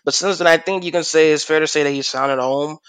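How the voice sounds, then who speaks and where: A man reporting on a casual sports panel, measured and heavy with fillers. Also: fairly high pitch, steady tone, fairly bright tone, smooth, no room sound.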